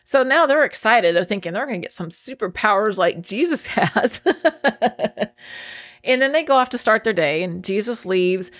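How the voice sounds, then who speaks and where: A woman's voice: mid-range voice, animated, normal speed, fairly bright tone, muffled recording. A woman casually recapping a show episode, chatty and enthusiastic, acting out the characters' lines as she retells them.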